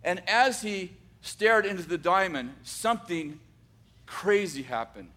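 A man with a rather high voice telling a story aloud. He takes his time, drawing out dramatic moments with pauses and frequently backtracking to restart a sentence. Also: expressive, a bit bright. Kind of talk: oral storytelling.

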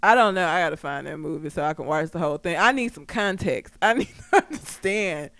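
A woman's voice: on the low side, animated, fairly quick, fairly bright tone, no echo. A woman in casual chat, telling a story animatedly, swearing and laughing often.

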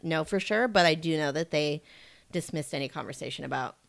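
A woman's voice: deep voice, a little fast, creaky. A woman co-hosting a podcast, telling a true crime story in casual chat with wry asides.

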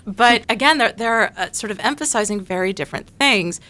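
A woman on a podcast panel speaks in a bright, clear-edged voice of medium pitch. She's animated but explains her points in a measured, analytical way, building each idea step by step.

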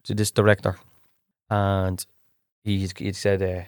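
Low-voiced Dublin man telling stories. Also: slow pace, smooth, no room sound. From Ireland. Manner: animated anecdotes, restarts and repeats words. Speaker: guest actor. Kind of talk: casual storytelling in a podcast interview.

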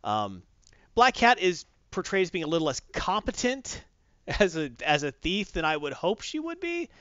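Animated, rambling man reviewing comics. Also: high voice, normal speed, no room sound, muffled recording. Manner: rambling, animated, retells with voices. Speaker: podcast host. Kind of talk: casual comic review chat.

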